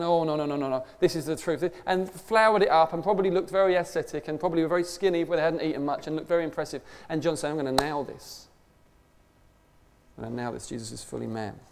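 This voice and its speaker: A man's voice: on the high side, darkish tone. A man preaching a conversational sermon, emphatic and full of rhetorical questions. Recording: long hall reverb.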